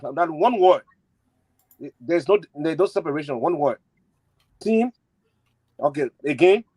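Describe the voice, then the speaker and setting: A man making an impassioned fundraising appeal, repeating himself and spelling out letters slowly. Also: a little high, darkish tone, no echo, low-quality recording. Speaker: campaign supporter and fundraiser.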